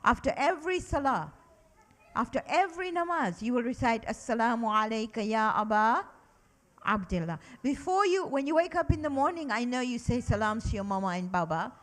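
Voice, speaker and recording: A middle-aged woman teaches a roomful of children, her voice pitched a little high and full of questions. She keeps them involved, pausing for answers and leading them through repeated recitations. The tone is patient and encouraging throughout. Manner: animated, asks children many questions; leads call-and-response recitation. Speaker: children's lecturer at a mosque. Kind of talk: religious lesson for children.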